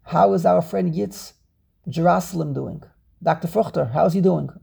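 A man's voice: on the high side, moderate pace, vocal fry, mellow, husky. A man teaching an online scripture class over a video call, stressing and repeating his key points with frequent "okay"s. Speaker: Torah teacher.

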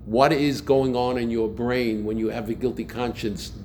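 A man leads a Torah class in a voice of ordinary pitch. He explains each point earnestly and voices the thoughts of the people he describes. A faint noise sits under the recording. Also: fairly even intonation, normal speed, a little mellow. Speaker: rabbi teaching a class. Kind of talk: Torah lesson.

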